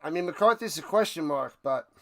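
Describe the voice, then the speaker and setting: A man hosting a live stream, giving play-by-play commentary and chatting with viewers, erupting into loud excitement on big plays. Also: a little high, moderate pace. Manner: chatty, answers viewers' questions. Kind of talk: play-by-play commentary with chat banter.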